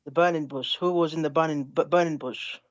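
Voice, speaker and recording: A man calling into a live online debate, hesitant and restarting often, asking the other side to slow down. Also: a little high, steady tone, dry recording, lo-fi sound. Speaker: caller in a debate.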